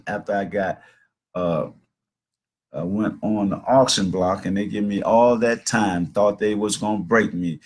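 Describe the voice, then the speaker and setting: This is a man around sixty with a deep, husky voice. He hosts a talk show and tells stories in a loose, heartfelt monologue, leaning on fillers like "man" and "you know". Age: about 60. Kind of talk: casual spoken monologue.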